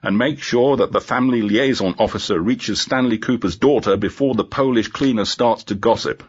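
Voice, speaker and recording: A man voicing a persistent, joking male police inspector in a storybook reading, brisk and businesslike, on a dull lo-fi recording. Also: mid-range voice, husky, voice pushed up, natural voice.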